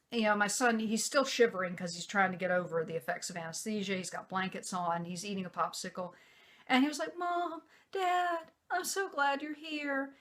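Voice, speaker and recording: A woman vlogger telling a personal story in a casual way, acting out what other people said. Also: mid-range voice. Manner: animated, acts out quoted voices.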